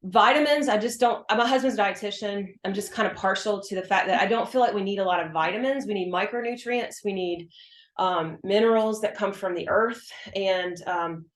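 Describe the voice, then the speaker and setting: In a relaxed interview, a woman who works in hormone health talks with emphasis, playing out her exchanges with patients as she explains. She has a medium-pitched voice and a brisk pace, recorded with noticeable room echo.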